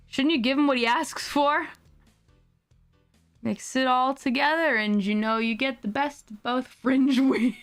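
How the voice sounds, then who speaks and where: A woman streaming a game, chatting casually, animated, swearing and laughing often. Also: high voice, normal speed, soft background music. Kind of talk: casual gameplay stream commentary.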